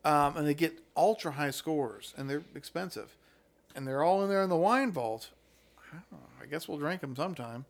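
A man's voice: on the high side, moderate pace. A man hosting a casual wine chat, opinionated and blunt, swearing freely. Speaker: podcast host.

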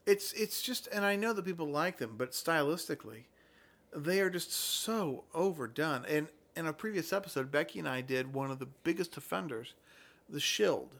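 Male podcast host, slightly higher voice, blunt and opinionated, casual swearing. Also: animated, moderate pace, fairly bright tone. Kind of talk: casual chat about wine.

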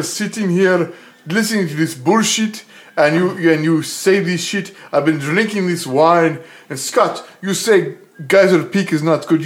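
A man voicing an indignant, tipsy Australian-Russian man who rants loudly. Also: a little high, echoey room.

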